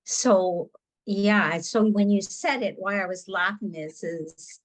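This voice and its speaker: Guest: middle-aged woman, mid pitch, earnest and blunt, halting as she shares personal hardship. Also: rough recording. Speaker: guest participant. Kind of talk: emotional personal sharing.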